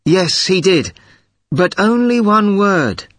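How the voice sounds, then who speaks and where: A man's voice: high-pitched, animated, takes it slowly, fairly bright tone, dry recording, studio quality, exaggerated voice. A man voicing an earnest male customer, complaining to a shopkeeper in a read-aloud joke.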